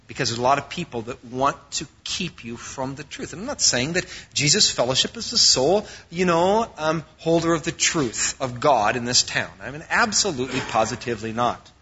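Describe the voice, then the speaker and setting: A man's voice: mid-range voice, expressive, normal speed, few pauses, bright, forceful tone, husky, muffled recording. A man preaching a sermon as pastor, quoting scripture and explaining it with frequent fillers and restarts.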